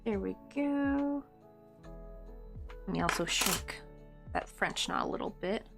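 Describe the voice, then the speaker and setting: A woman's voice: mid-range voice, expressive, takes it slowly, vocal fry. Chatty woman crochet streamer, faint music. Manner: chatty and rambling, lots of "like", laughs often. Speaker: crochet livestreamer. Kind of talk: casual chat while crocheting.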